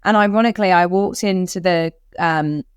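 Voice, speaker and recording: Co-host, Australian woman in her thirties, lower voice, lively storyteller who does the voices, dry sound. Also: moderate pace, clean tone, no room sound. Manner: animated, acts out quotes in other voices. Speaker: podcast co-host. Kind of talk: candid storytelling chat.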